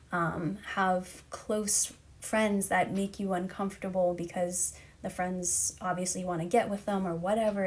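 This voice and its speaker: A woman's voice: medium pitch, a little mellow. A woman relationship coach giving earnest, encouraging advice straight to the listener on a live stream, slightly out of breath.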